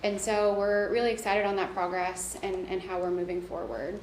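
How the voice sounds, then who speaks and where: A woman's voice: mid-range voice, steady tone, moderate pace. A woman presenting a transit performance report at a board meeting, walking through slides. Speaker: transit agency staff presenter. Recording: echoey room with background noise.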